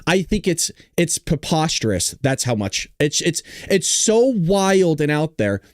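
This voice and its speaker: A man hosting a political commentary show, reacting to a clip with loud, profane, mocking rants. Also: a little high, sing-song, measured pace, no echo, clean studio sound.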